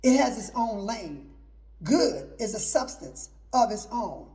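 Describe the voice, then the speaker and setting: A woman's voice: on the high side, big pitch swings, slow, warm tone. A middle-aged woman hosting her own show, giving an emphatic, repetitive preaching talk mixed with personal testimony. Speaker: host.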